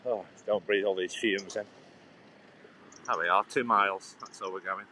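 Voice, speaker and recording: A man rambles casually to his livestream viewers while walking along an outdoor path, his voice sitting on the low side. He talks into a phone as he goes, and passing traffic can be heard behind him. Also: steady tone, moderate pace, pushed and bright. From England. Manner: rambling, chatty, answers viewers' comments. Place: outdoors on a cycle path beside a road.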